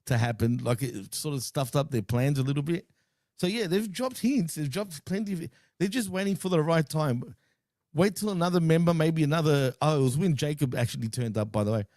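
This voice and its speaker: Australian co-host, male, higher pitched yet dark-toned, laughing joker. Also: lively intonation, no room sound, clean studio sound. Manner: jokey, laughs often, halting restarts. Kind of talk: casual live-stream chat.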